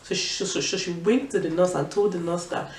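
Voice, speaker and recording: A young Nigerian woman telling a personal story in a vlog, in an animated and emphatic way. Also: fairly low pitch, a little fast. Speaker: vlogger. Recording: roomy echo, distant mic, faint room noise.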